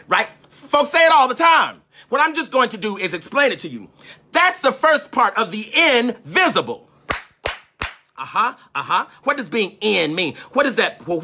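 A man preaching with a lively, swooping delivery, his bright voice slightly husky at the edges. He works the crowd in call-and-response, climbing into shouts and half-sung lines before dropping low again. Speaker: preacher and teacher. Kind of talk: spiritual lecture in a sermon cadence.

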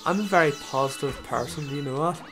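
A man's voice: fairly high pitch, fast talker, music in the background. A young British man co-hosting a let's play, giggly and self-deprecating in casual chat. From Britain. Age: young adult.

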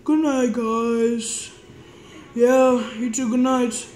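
A woman improvising a toy play story, stammering and repeating words as she jumps between excited squeals and soft, sleepy lines. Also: fairly high pitch, drawn-out words, echoey room, slight background noise, low-quality recording.

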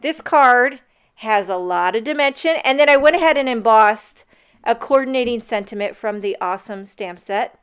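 A woman's voice: a little high, normal speed, fairly bright tone, smooth. A woman narrating a casual craft tutorial in voice-over, chatty and talking straight to the viewers. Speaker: card-making crafter.

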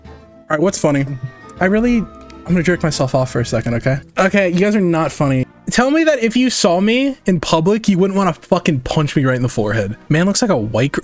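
A young man streaming as a digital artist, chatting casually and profanely, reading his chat aloud and firing jokes back. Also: high voice.

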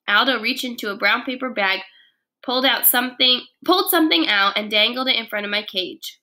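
A woman, a first grade teacher, reading a children's chapter book aloud in an expressive, lively way. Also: mid-range voice, moderate pace.

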